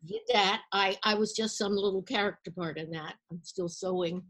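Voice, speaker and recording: This older actress, speaking at medium pitch and normal speed, relives her past in a storytelling interview with lively impressions of the people she quotes.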